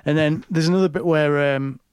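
A man's voice: a little high, steady tone, a little fast, clear, resonant tone, dry recording. A man telling a long film story in a casual chat, rambling with many fillers and restarts.

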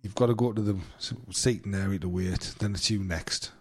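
Deep husky man in comedic banter. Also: fairly even intonation, brisk. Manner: teasing, acts out mock dialogues, rambling restarts.

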